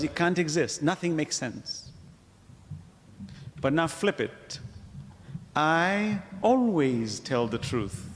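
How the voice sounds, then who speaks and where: Animated man lecturing in a reverberant hall. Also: high-pitched. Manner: rhetorical questions, emphatic pauses; animated, wide-ranging delivery. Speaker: Islamic lecturer. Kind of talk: religious lecture to a congregation.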